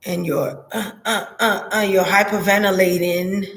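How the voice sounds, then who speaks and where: A woman's voice: mid-range voice, fairly even intonation, a little slow. A woman giving a psychic reading in a hesitant, murmuring way, repeating words and trailing off. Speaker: psychic reader. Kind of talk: intuitive reading monologue.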